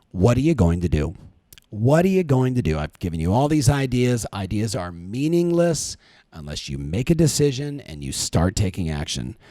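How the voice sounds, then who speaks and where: Man, podcast host, animated pitch, mellow tone, dry close sound, punchy coaching questions. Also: no echo. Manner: energetic, coaching, asks rhetorical questions. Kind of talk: motivational podcast talk.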